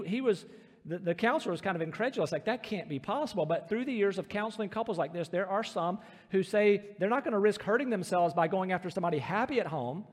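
Male pastor, middle-aged, higher voice, emphatic sermon delivery, long church reverb. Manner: earnest, emphatic preaching with slowed stresses. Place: church sanctuary.

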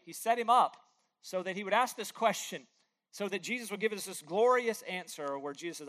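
A man preaching a sermon as pastor, pleading with his listeners, moving between loud emphatic lines and hushed, quiet ones. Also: high voice, lively intonation, moderate pace.

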